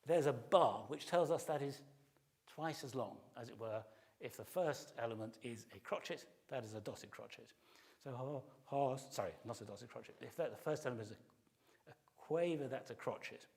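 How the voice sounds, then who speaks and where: Middle-aged male professor, average pitch, for a patient explanatory lecture with sung examples. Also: lively intonation, normal speed. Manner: explanatory, sings short snatches of melody to illustrate. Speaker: classics professor giving a pre-concert talk. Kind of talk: public lecture.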